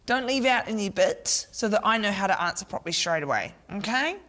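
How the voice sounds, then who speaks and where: Flustered, evasive woman playing a minister. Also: brisk. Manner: evasive, flustered, lively swings in pitch. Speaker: comedian playing a government minister. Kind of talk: sketch comedy acting.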